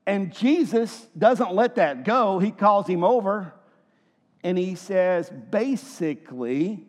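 A man preaching a sermon in a church hall, lively, asking his listeners questions and acting out quotes. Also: high voice, takes it slowly. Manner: lively, asks the room questions and acts out quotes. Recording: long hall reverb.

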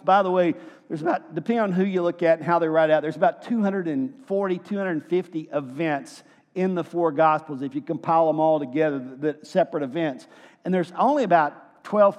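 A man preaching a sermon in a church hall, lively, asking his listeners questions and acting out quotes. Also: on the high side. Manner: lively, asks the room questions and acts out quotes. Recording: long hall reverb.

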